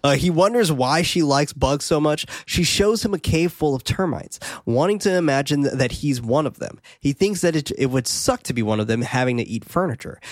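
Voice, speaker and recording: A man's voice: fairly high pitch, dry recording, clean studio sound. A man casually recapping a movie scene by scene on a podcast, laughing often and swearing freely. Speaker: podcast co-host recapping a film.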